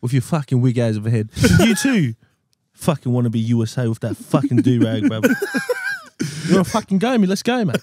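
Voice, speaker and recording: A man putting on a rough English accent, taunting and aggressive. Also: medium pitch, fairly even intonation, fairly quick, dark tone, close to an everyday voice. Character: brash young English man picking a fight.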